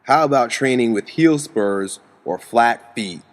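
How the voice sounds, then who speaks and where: A man putting on a deep-voiced viewer reading a question. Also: expressive, unhurried, lightly acted. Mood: deadpan.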